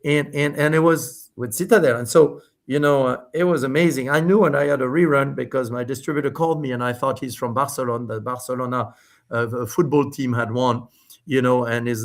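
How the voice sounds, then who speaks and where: Animated middle-aged man. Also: mid-range voice. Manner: animated, quick bursts with many restarts and fillers. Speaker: spirits company founder, podcast guest. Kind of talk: storytelling in a casual interview.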